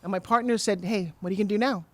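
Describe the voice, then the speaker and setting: Woman, middle-aged, rapid speech, dry close sound, lively storyteller. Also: mid-range voice, no echo. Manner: fast, animated storyteller who acts out quotes. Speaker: guest, TV pitch saleswoman. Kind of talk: storytelling in a podcast interview.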